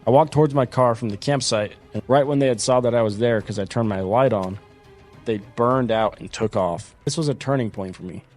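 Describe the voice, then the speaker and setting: A man telling a first-person story about his camping trip in a calm, matter-of-fact way. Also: mid-range voice, brisk, faint music behind.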